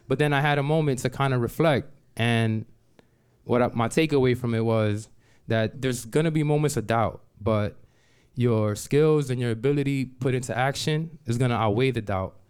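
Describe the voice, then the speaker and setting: Smooth-voiced man telling a personal story. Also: mid-range voice, normal speed, darkish tone. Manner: conversational, repeats "like" and restarts. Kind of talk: personal story told to an audience.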